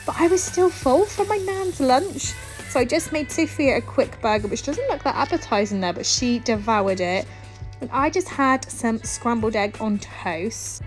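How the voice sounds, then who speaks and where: A British woman chats to camera in a relaxed home vlog, her voice sitting a little on the high side. She is cheerful and talkative, often laughing as she goes, with soft music playing faintly underneath. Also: normal speed, rough recording. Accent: British English. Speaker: vlogger, homemaker. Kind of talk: casual vlog chat. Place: home kitchen.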